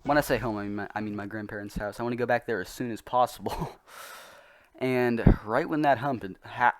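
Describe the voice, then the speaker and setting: A man's voice: medium pitch, normal speed, no echo. A young man telling a story in a casual, rambling, self-mocking way, often laughing as he goes. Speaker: vlogger.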